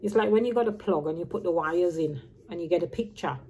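A woman's voice: on the low side, fast talker, dark tone, husky. A woman in her fifties who grew up in Birmingham, chatting casually to camera in a meandering way and dropping her H's. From grew up in Birmingham, England. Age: 50s. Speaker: vlogger. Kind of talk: casual rambling chat.

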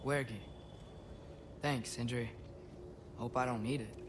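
A man's voice: mid-range voice, slow pace, natural voice. An actor voicing an earnest, curious teenage boy god in a video game. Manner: earnest, searching. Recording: game audio with steady background noise.

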